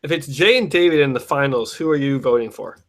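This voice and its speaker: A man's voice: a little high, fast. A man co-hosting a casual podcast interview, chiming in with brief reactions and questions. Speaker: podcast co-host.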